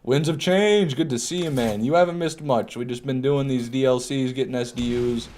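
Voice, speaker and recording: A man's voice: medium pitch, normal speed, darkish tone, slight background noise. A man streaming a video game live, chatting casually, joking and answering his chat as he plays. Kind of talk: live gameplay commentary.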